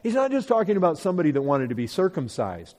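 A man's voice: fairly high pitch, wildly swooping pitch, fast, darkish tone. A man teaching from the Bible to an audience, emphatic, asking rhetorical questions and repeating his points. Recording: long hall reverb.

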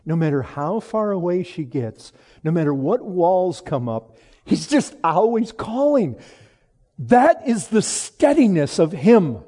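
A man preaching a sermon, moving from hushed, low passages to raised, emphatic lines. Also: very animated, takes it slowly, breathy edge. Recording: long hall reverb.

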